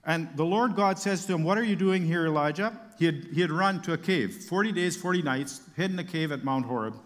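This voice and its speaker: Man preaching, reads scripture then explains, fairly high voice, long reverb. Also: a little fast. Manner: reads verses aloud, then explains with asides and humor. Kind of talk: sermon with scripture reading.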